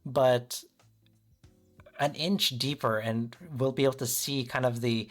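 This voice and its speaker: A man's voice: medium pitch, steady tone, unhurried, faint music behind. A man giving a casual tarot reading on a livestream, talking loosely and checking in with listeners. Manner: loose and chatty, peppered with "kind of" and "right?". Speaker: tarot reader and streamer.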